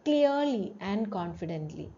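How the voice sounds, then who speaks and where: Woman teacher lecturing, mellow lo-fi voice. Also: sing-song, measured pace. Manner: explains terms with repeated checks like "you know" and "see the difference"; demonstrates tones by swinging her pitch and loudness. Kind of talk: classroom lecture.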